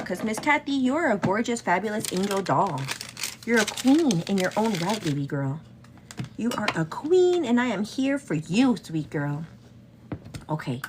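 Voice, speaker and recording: A woman's voice: medium pitch, expressive, moderate pace, a little mellow, a little hiss or hum. A woman hosting a casual get-ready-with-me makeup show, chatting affectionately and greeting viewers in a sing-song way.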